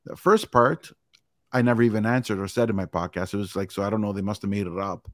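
A man hosting a podcast, telling stories in a relaxed way, full of fillers and asides. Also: on the low side, fast talker, dry recording, studio quality. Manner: relaxed storytelling with frequent fillers like "it's like". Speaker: podcast host. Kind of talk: casual podcast chat.

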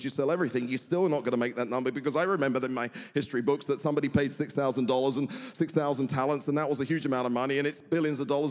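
A man preaching a sermon, earnest, asking the congregation rhetorical questions. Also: medium pitch. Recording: long hall reverb.

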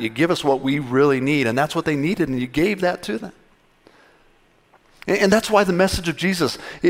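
A man's voice: a little high, a bit bright. A male pastor giving a conversational sermon, acting out little dialogues with God.

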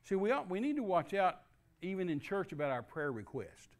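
An older man preaches to a congregation. He tells a story in a folksy way, full of restarts, and his voice sits a little high for a man. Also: big pitch swings, a little fast. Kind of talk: sermon storytelling.

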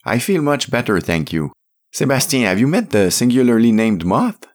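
A man's voice: mid-range voice, sing-song, normal speed, voice pushed up, close to an everyday voice. Man doing a grumbling old monk. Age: older. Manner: grumbling, theatrical. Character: elderly male monk, stubborn and grumbling. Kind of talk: audiobook character reading.

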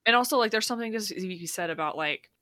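A woman chatting casually about a film, making quick asides and laughing often. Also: mid-range voice, animated, pushed and bright, no echo.

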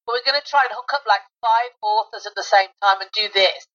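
A woman from Britain with a British accent, co-hosting a podcast in a brisk, friendly way. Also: mid-range voice, fairly bright tone. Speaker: podcast co-host. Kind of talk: casual podcast chat. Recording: dull lo-fi audio.

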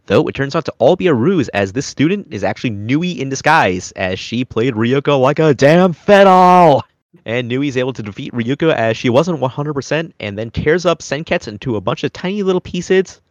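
A man hosts an anime review podcast, recapping episodes animatedly and now and then dropping into goofy voices. His voice sits at an ordinary pitch, recorded close and dry with no room sound. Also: expressive, a little fast, hardly any pauses, dry recording. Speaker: podcast host. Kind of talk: casual anime review chat.

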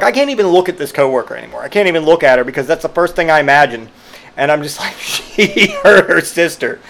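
A man's voice: a little high, a bit bright. A man telling a rambling personal story, swearing freely and amused, with lots of fillers and restarts. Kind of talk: casual storytelling monologue.

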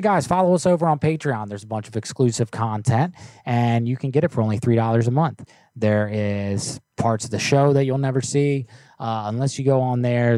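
A man's voice: mid-range voice, mellow, no room sound. A man hosting a podcast, talking in a laid-back, casual way. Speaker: podcast host.

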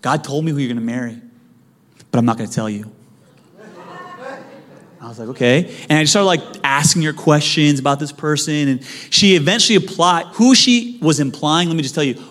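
A young man preaching a sermon to his church, conversational and joking, with sudden loud emphasis. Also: on the high side. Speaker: pastor. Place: church hall.

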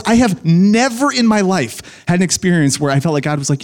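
A young adult man, a pastor, giving a conversational, animated sermon to a congregation. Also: high-pitched, fairly quick, few pauses.

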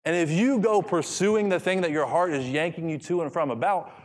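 A man with a fairly high voice preaches an expository sermon at a brisk pace. He reads scripture aloud and repeats key phrases for emphasis. The recording carries a long hall reverb.

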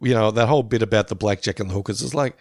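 Podcast co-host, male, gravelly voice with lively pitch, dry close sound. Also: very fast, no room sound. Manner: laughs often, animated. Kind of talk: casual podcast chat.

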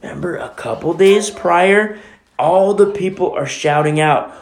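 Emphatic conversational preacher in a roomy church. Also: male voice, fairly high pitch, unhurried. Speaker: pastor. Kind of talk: sermon.

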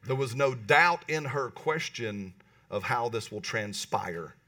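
A man preaching a lively sermon in church, often asking the congregation "right?" and pausing for answers. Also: medium pitch, distant mic. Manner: animated, talks to the congregation with calls like "right?". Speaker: pastor. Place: church hall.

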